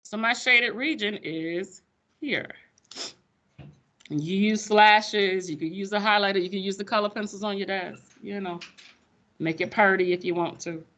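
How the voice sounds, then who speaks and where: A woman's voice: mid-range voice, moderate pace, fairly bright tone, lo-fi sound. A woman teaching a math class, sassy and playful with her students. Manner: sassy, playful, calls students sugar baby.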